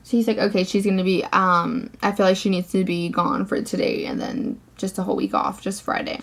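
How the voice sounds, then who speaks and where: A woman's voice: mid-range voice, steady tone, fairly quick, creaky, hardly any pauses. A teenage girl vlogger telling a storytime rant, swearing often and saying "like" constantly. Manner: ranting, profane, filler-heavy.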